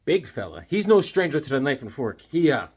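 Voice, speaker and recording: A man hosting a comic book video, riffing in a joking, rambling, animated way. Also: fairly high pitch, a little fast, slightly rough. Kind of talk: comedic casual monologue.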